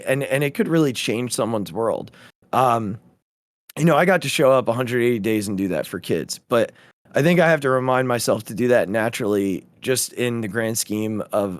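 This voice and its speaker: A man's voice: medium pitch, no echo. A man co-hosting a podcast, a teacher talking in an earnest, reflective way with many fillers and restarts. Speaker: podcast co-host. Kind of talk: casual chat.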